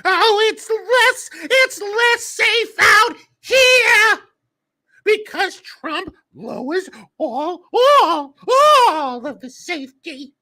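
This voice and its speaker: A man mocking a whiny female talk show panelist in a piercing falsetto, slow and dragged out, with a bright, sharp edge. She half sobs and half shouts every phrase in a melodramatic, self-pitying wail. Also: expressive, exaggerated voice. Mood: sobbing. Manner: sobbing, shouting mockery.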